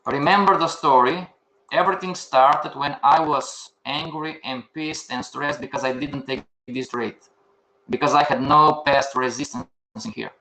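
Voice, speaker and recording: Older male instructor, slightly high voice, live class, quizzes his students then answers them himself. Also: fairly even intonation, measured pace, pushed and bright. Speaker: trading instructor. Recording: echoey room.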